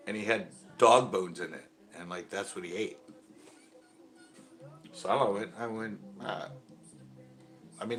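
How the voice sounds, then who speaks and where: A middle-aged man hosting a casual live stream, rambling through anecdotes, laughing and loudly acting out other people's lines. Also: medium pitch, creaky. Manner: rambling storyteller, acts out quotes loudly and laughs often. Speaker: host of a fishing channel livestream.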